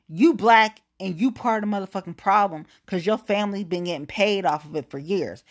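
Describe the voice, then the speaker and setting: A woman's voice: mid-range voice, brisk, hardly any pauses. A woman delivering a blunt, heated political rant, swearing constantly.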